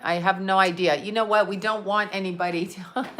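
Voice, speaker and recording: A bright-voiced woman talks loosely on a live stream from home. She rambles, laughs a lot and swears with blunt, unfiltered energy. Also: mid-range voice, fairly even intonation, fairly quick. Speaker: psychic and astrologer answering live chat. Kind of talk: casual live-stream chat.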